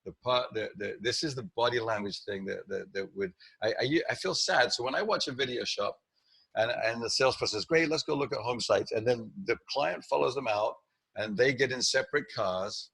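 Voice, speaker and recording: A middle-aged man talking as a sales trainer in a podcast interview, animated, restarting sentences and acting out client lines. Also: mid-range voice, brisk, gravelly, slightly rough, no room sound.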